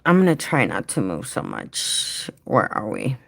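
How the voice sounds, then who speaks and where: A woman's voice: a bass voice, wildly swooping pitch, a little slow, vocal fry, fairly bright tone. A woman hosting a casual livestream for home care workers, chatty and rambling, talking straight to her viewers with affectionate asides. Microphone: head-mounted rig.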